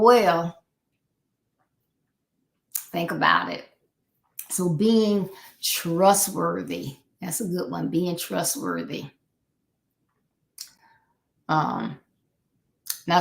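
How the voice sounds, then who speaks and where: A woman with a fairly low voice coaches her listeners in a relaxed, talky way. She repeats key points for emphasis and slips into the voices of people she quotes. The sound is roomy and echoey. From Florida. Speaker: life coach. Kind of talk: motivational live talk. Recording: echoey room.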